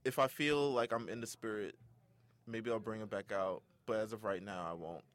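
A man's voice: fairly low pitch, fairly even intonation, normal speed, a bit bright, no room sound. A young man hosting a casual podcast, talking in a rambling way with fillers and laughs. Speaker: podcast host.

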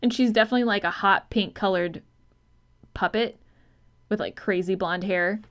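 A woman's voice: mid-range voice, moderate pace, a bit bright. A woman co-hosting a film podcast in casual chat, thinking aloud in loose, rambling sentences, swearing and laughing easily. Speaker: podcast co-host.

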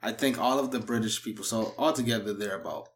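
A man's voice: fairly low pitch, quick pace. A man hosting a podcast, chatting casually with a playful, teasing manner. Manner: playful, teasing, laughs easily. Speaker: podcast host.

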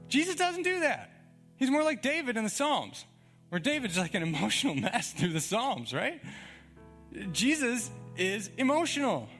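A man's voice: very high voice, very animated, moderate pace, a bit bright, faint music behind. A young man preaching a sermon as a pastor, talking in a conversational, emphatic way with frequent chuckles.

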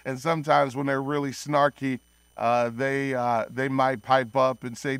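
A man in his thirties, a pastor preaching a sermon in a church, earnest and slowing down to stress key phrases. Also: mid-range voice, fairly bright tone, no echo. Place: church sanctuary.

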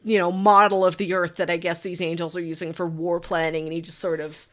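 A woman podcast co-host casually recapping a TV show, chatty and animated, laughing often. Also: fairly low pitch, a little fast.

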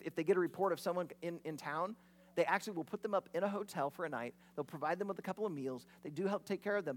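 A pastor preaching a sermon in a conversational, storytelling way. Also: mid-range voice.

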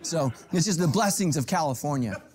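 A middle-aged man preaches from a church stage with a golf cart beside him. His voice sits a little high and swings widely. He moves through funny asides and sudden pitch jumps as he tells his stories. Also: brisk, faint music behind. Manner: animated storytelling with humor and sudden pitch jumps. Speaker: pastor. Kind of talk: sermon.

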